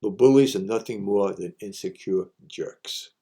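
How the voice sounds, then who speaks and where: A man's voice: lowish voice, unhurried, gravelly, mellow. A man hosting a folksy monologue of homespun advice, repeating each saying for emphasis. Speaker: host sharing sayings.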